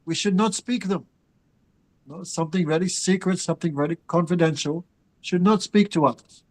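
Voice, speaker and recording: A man leads a scripture class, his voice sitting a little high for a man. He chants verses in Sanskrit and Bengali, then explains them in plain talk and turns to address his students directly. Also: moderate pace, poor audio. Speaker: spiritual teacher.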